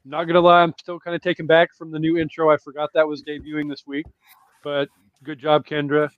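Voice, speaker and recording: A man's voice: on the high side, monotone, brisk, dry recording. A man on a podcast panel in casual chat, eager and enthusiastic, on a lo-fi mic.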